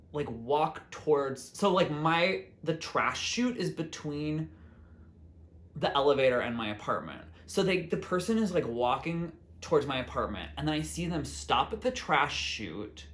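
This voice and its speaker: A man's voice: a little high, a bit bright. Rambling man telling a story. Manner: rambling, full of "like" fillers and self-quotes. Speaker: vlog host. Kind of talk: casual storytelling to camera.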